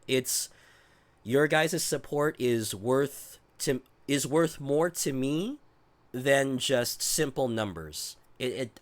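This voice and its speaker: A man in his thirties, his medium-pitched, fairly bright voice worn down by a cold, chats casually with his viewers as a streamer. He rambles, restarts sentences and swears now and then.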